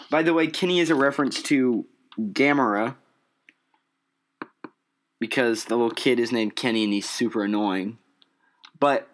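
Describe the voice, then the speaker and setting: A man giving casual, sarcastic, exasperated commentary while reacting to a film. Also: mid-range voice. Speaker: reaction video host.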